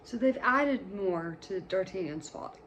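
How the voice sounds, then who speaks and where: A woman's voice: mid-range voice, lively intonation, a little slow, a bit bright, dull audio, slight background noise. A woman giving casual, chatty movie commentary, gushing and joking as she talks. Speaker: movie reviewer.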